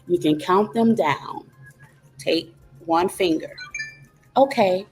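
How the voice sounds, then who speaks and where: A woman hosting a reflective wellness talk, calmly teaching and walking through steps with rhetorical questions. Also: fairly low pitch, slow pace, long pauses, soft background music. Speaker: host.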